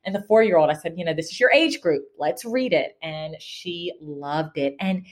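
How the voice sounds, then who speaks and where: In a relaxed interview, a middle-aged first-time children's book author talks with a low voice at normal speed. She's animated, laughs a lot, and repeats words when getting started.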